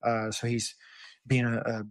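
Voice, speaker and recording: A man's voice: mid-range voice, unhurried, dry recording, clean studio sound. A young adult man hosting a podcast, chatting casually about a book and acting out the quoted lines. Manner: animated storyteller, acts out quoted lines. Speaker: podcast host. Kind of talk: casual book-discussion chat. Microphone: close podcast mic.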